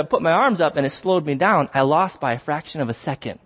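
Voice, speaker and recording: A man preaching a sermon in a voice that sits a little high for a man. He tells stories animatedly, acting out shouts and exclamations, and hammers points home by repeating key phrases. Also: brisk, hardly any pauses.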